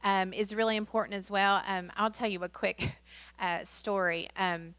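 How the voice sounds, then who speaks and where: A woman's voice: medium pitch, fairly even intonation, moderate pace, fairly bright tone, smooth, dry recording. Woman leading a training session, casual and chatty, dry sound. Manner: chatty, many fillers, acts out quotes in story. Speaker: workshop presenter. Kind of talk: training workshop talk.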